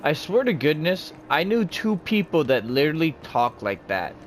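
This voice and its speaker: A man's voice: a little high, big pitch swings, moderate pace, slight background noise. Chatty man narrating his gameplay. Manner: rambling and chatty. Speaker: gaming channel host. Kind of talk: casual let's-play commentary.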